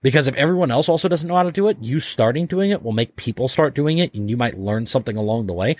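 A man's voice: mid-range voice, lively intonation, fast talker, a little mellow, no room sound. A man as a podcast guest talking casually and loosely, filling his sentences with "like", swearing offhandedly and acting out little dialogues. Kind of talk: casual conversation.

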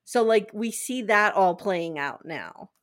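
A woman hosting a podcast, recapping a TV show in a chatty, animated, gossipy way. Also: medium pitch, slow. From eastern United States. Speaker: podcast host. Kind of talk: casual podcast chat.

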